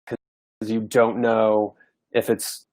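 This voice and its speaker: A woman's voice: a bass voice, flat delivery, slow pace, a little mellow. A woman hosting a talk show interview, giving short acknowledgments and asking brief follow-up questions. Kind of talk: casual interview.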